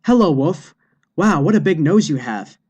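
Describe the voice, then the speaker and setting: A man voicing a cheerful young girl in red who greets people brightly and turns shrill when offended. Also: lively intonation, moderate pace, husky, highs cut off. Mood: chirpy.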